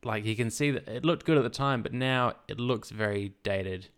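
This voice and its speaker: Brief: male co-host, clear smooth voice, dry teasing film talk. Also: medium pitch, normal speed, fairly bright tone. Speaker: podcast co-host. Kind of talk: casual chat about films.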